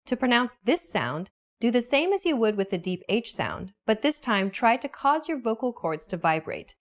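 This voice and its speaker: A woman giving a scripted pronunciation lesson in a clear, explanatory and measured way. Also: on the high side, sing-song. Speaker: pronunciation teacher. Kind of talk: scripted instructional narration.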